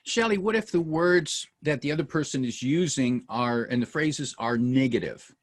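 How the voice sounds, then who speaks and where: A man hosting a podcast interview, asking short questions with hesitations and restarts. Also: medium pitch. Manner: halting, searching for words. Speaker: podcast host.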